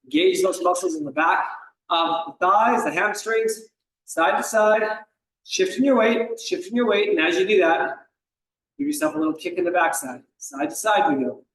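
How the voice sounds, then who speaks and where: A man's voice: high-pitched, lively intonation, moderate pace, a bit bright. Upbeat man coaching an exercise class. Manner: upbeat, encouraging, counts out reps. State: slight cough. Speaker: fitness instructor. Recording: echoey room, voice far from the mic.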